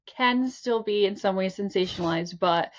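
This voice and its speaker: A woman's voice: medium pitch, moderate pace. A woman co-hosting a podcast as a mental health clinician, musing tentatively with many fillers. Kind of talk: casual podcast discussion.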